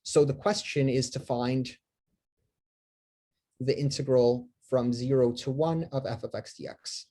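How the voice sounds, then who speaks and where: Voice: mid-range voice, fairly even intonation, unhurried, mellow. A lecturer giving a live math lecture, talking with many fillers, restarts and self-corrections, and asking the class questions.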